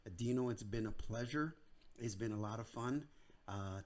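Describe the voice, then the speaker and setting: A man hosting a podcast in casual chat, speaking haltingly with restarts and fillers. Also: mid-range voice, a little mellow. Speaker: podcast host.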